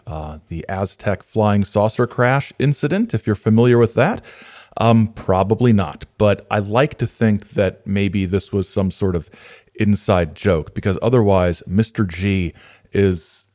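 Guy with a lowish voice, umms a lot, chats then reads a kids' rhyming book. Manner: hesitant, many fillers, lively when reading verse aloud. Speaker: podcast host. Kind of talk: casual commentary and storybook reading.

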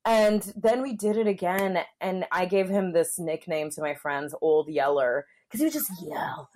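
Low-pitched woman telling frank stories. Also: normal speed, a little mellow. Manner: frank, storytelling, mimics voices. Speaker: podcast co-host. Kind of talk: casual chat.

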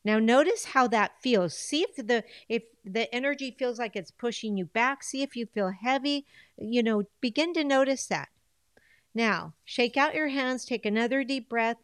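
A woman's voice: fairly high pitch, moderate pace, clear, resonant tone, no room sound, clean studio sound. A woman coaching her audience on goal setting, switching between English and Spanish with a coaxing manner and repeated phrases. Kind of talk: bilingual coaching talk.

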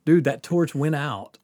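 A man's voice: on the high side, no echo, clean studio sound. A man hosting a podcast, telling a story casually with lots of laughter and acted-out quotes. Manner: animated, laughing often, acts out quotes. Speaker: podcast host.

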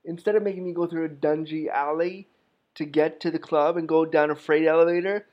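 A man's voice: a little high, steady tone, a little fast, muffled recording. A man giving a personal storytelling talk, frank and humorous, with a wry edge. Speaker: speaker telling stories to an audience.

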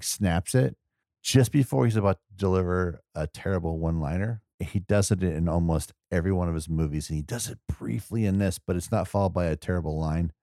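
This podcast co-host, a man with a low-pitched, creaky, warm voice, talks casually about a movie, rambling, restarting his thoughts midway, and laughing a lot. The recording is dry and clean, studio quality.

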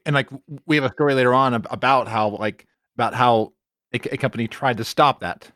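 A man's voice: medium pitch, fast, a bit bright, dry recording, clean studio sound. A man co-hosting a casual geek news show, often stammering and repeating words. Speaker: podcast co-host.

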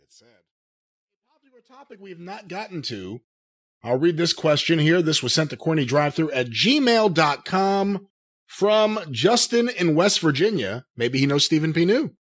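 A man co-hosting a podcast, reading out quotes and listener questions in an animated, jokey way. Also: on the high side, a little slow. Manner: animated, jokey, laughs easily. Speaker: podcast co-host.

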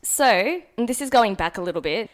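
A woman's voice: mid-range voice, animated, a little fast, a little hiss or hum. Easygoing Australian woman hosting a podcast. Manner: laughing, easygoing, self-mocking. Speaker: podcast host. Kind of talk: casual podcast chat.

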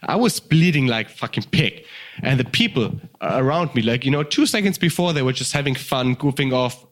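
A man from Germany with a German accent, telling a story in casual conversation, swearing freely and full of fillers. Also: moderate pace. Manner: animated, acts out voices with sudden high pitch jumps. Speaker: guest.

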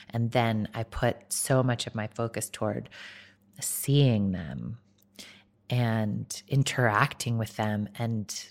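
A woman film director as a guest in an interview, talking candidly and casually with frequent laughs and fillers. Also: extremely low pitch.

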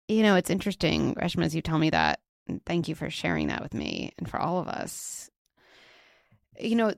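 A woman's voice: lowish voice, vocal fry, dry recording. Reflective woman host, dry close sound. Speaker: podcast host. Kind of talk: podcast conversation.

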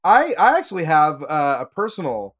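A man's voice: fairly high pitch, sing-song, normal speed, a bit bright. A man on a podcast panel, telling a personal story in casual chat, with many fillers and laughs.

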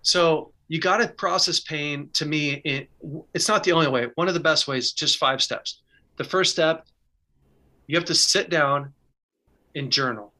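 Speaking at a measured pace, a man with a bright, tense, slightly high voice gives advice as a faith speaker in a casual teaching chat. He draws on his personal story, earnest and candid, in short bursts with restarts.

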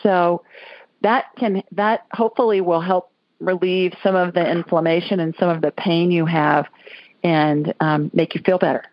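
A woman's voice: on the low side, steady tone, moderate pace, highs cut off. A woman from Alabama hosting a call-in radio show, talking in a chatty, folksy way. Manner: chatty, folksy, laughs easily. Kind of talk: casual call-in chat.

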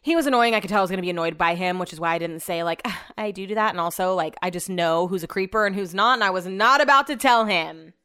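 A woman's voice: fairly low pitch, fast, hardly any pauses, bright, forceful tone, clear, resonant tone. A young woman hosting her own podcast, telling rambling, self-deprecating stories in a casual chat. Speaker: podcast host. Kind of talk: casual solo podcast monologue.

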